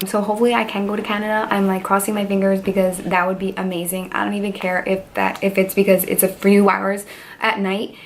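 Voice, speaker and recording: A young woman vlogging straight to camera at a mid pitch, rambling from thought to thought with plenty of "like" and "um". She sounds heartfelt and candid, and a faint hiss of room noise sits under her voice. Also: little pitch movement, a little fast. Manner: rambling, heartfelt, frequent fillers. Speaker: beauty vlogger. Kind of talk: candid personal vlog talk.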